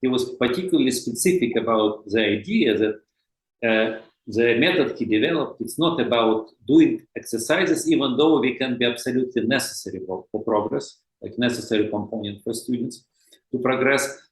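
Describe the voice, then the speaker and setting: A man with a heavy Russian accent speaks as a podcast guest, explaining at length in halting phrases filled with fillers and restarts. His voice sits at an ordinary pitch, and the room around him rings with noticeable echo. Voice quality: hesitant, many fillers and restarts. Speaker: guest expert. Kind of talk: podcast interview.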